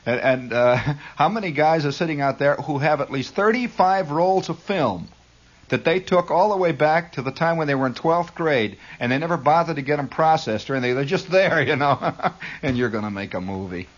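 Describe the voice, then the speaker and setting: A man's voice: on the high side, normal speed. A male radio host delivering an improvised monologue in a wry, needling way, now and then slipping into mock voices. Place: radio studio. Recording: dull lo-fi 1960s radio recording.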